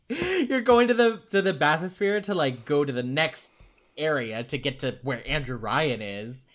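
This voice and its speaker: A man's voice: a little high, a little slow. A man in casual conversation, animatedly retelling moments from a video game and laughing as he talks. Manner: animated storytelling, laughs while talking.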